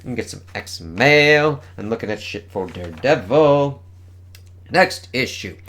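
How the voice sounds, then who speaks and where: An excitable man chatting through a comic issue, his pitch bouncing all over. He swears freely and gets carried away by the pages. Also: takes it slowly. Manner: enthusiastic, swears often, reads panel dialogue aloud. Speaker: comic book reviewer. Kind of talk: casual comic review.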